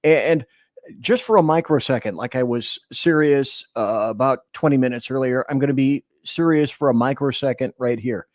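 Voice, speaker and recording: A man's voice: medium pitch, moderate pace, dry recording, clean studio sound. A man hosting a casual chat in an enthusiastic, joking way. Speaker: podcast host.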